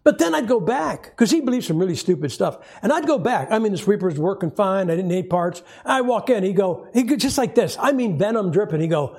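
A middle-aged man preaching a sermon, telling stories in a wry, animated way with a husky voice. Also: high voice, a little fast, few pauses. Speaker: pastor.

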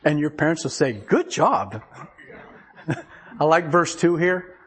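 Husky, slightly high-voiced male preacher. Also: fairly even intonation, moderate pace. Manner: folksy, chuckles often, reads scripture aloud. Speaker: pastor. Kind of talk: conversational sermon.

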